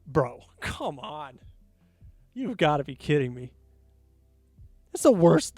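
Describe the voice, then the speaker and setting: A man hosts a solo podcast and rants about sports in an animated, exasperated way, with mocking asides. His voice sits a little high. The mic is close and dry, with faint music underneath. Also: a little slow, pauses often, no echo. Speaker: podcast host.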